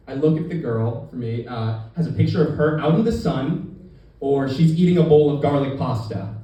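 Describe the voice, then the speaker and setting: A man's voice: a little high, mellow. A man doing a live stand-up comedy set, goofy and rambling, with many restarts and self-deprecating asides. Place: comedy club stage with live audience. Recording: echoey club from far off with audience. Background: crowd laughter.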